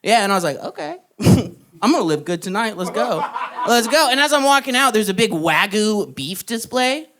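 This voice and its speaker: A young man doing stand-up, telling a story in an animated way, laughing along and jumping into loud put-on voices. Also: high-pitched, moderate pace, background noise. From Texas. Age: young adult. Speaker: stand-up comedian. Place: live comedy club stage.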